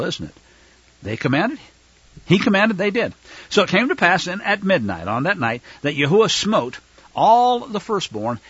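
Fervent man teaching scripture, lively pitch. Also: breathy edge, no echo, muffled recording. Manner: fervent, rises to loud denunciation; conversational asides to listeners. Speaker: fellowship teacher.

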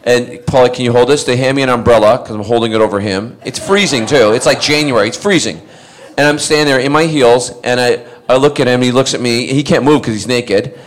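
A man's voice: medium pitch, fairly quick. Middle-aged male actor, chatty fan Q&A storyteller, laughs a lot, rambles and restarts lines. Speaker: actor answering fan questions. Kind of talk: anecdotal convention Q&A.

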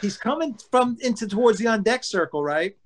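Fairly quick in his speech, the man, a former pitcher, relates relaxed anecdotes in an animated style, imitating teammates and swearing offhandedly.

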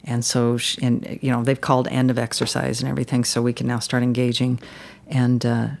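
A guest on a podcast tells a story in an easy, conversational way. The voice sits at a middle pitch. The delivery rambles, with frequent restarts and fillers. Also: completely flat delivery, brisk, vocal fry, darkish tone. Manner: rambling, many restarts and "you know"s. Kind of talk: casual storytelling interview.

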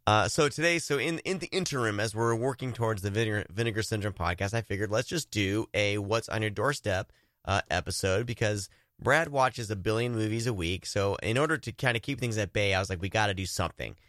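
Dude hosting a podcast, lowish voice, rambly and laughy, dry close sound. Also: male voice, brisk, fairly bright tone, dry recording. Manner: rambling, laughs often, restarts. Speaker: podcast host. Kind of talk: casual chat.

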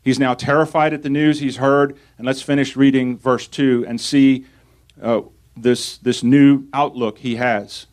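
A man's voice: mid-range voice, fairly even intonation, unhurried, a little mellow. Man preaching an earnest sermon. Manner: earnest preaching, reads scripture aloud and asks rhetorical questions. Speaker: pastor.

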